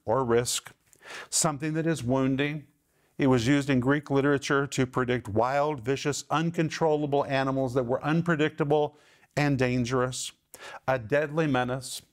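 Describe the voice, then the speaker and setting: A middle-aged man hosting a televised Bible teaching program, speaking in an earnest, emphatic way and stressing each word of a list. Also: medium pitch.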